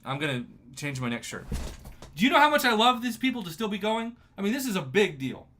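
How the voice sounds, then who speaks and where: High-voiced man in his thirties, excitable. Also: a little fast. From New Mexico, US. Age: 30s. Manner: emotional, excitable, ranting. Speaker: livestream host. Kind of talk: casual livestream chat.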